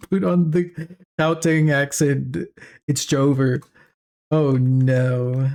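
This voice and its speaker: Tired after a long stream, a South African streamer whose first language is Afrikaans talks casually and reads from the chat. His voice is medium-pitched, steady and a little mellow, and his rambling speech comes with hesitant restarts and frequent chuckles.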